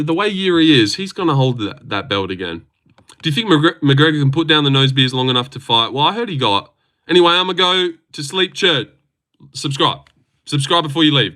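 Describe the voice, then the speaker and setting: A young man with an Australian accent chats loosely on his livestream, answering viewer comments in a rambling, slangy way. His voice has a bright, forward edge, and his pitch sits in the middle for a man. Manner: rambling, laid-back, slangy. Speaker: livestream host. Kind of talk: casual livestream chat reading viewer comments.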